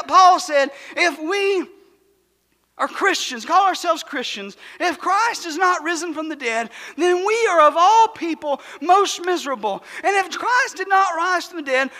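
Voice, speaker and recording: A man preaching a fervent, shouted sermon in church, repeating phrases for emphasis. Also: very high-pitched, animated, normal speed, long reverb tail. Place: church sanctuary.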